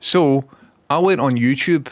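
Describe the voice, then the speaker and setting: A man's voice: medium pitch, a little slow, a bit bright. A man with a Scottish accent hosting a casual livestream, chatty and self-mocking, swearing freely as he talks to his chat. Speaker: livestream host.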